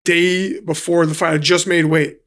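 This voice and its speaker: This guest, a pro fighter from New York City, speaks at a normal speed with a slightly high, bright voice and little pitch movement. Casual in recounting his story, he curses freely and acts out other people's words.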